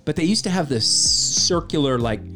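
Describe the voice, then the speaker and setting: A man's voice: a little high, moderate pace, soft background music. A man telling a story in casual podcast chat, acting out quoted lines and swearing casually. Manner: animated, acts out quoted voices, swears casually.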